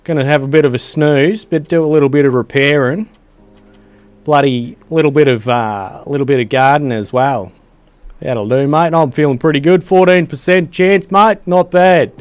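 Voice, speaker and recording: A man's voice: high-pitched, smooth, dry recording, pitched above the performer's own voice, natural voice. A man putting on a boisterous, slang-heavy caricature of a jolly Australian bloke. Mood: jovial. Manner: boisterous, slangy, drawn-out exclamations. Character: loud over-the-top Aussie bloke, jovial adult man.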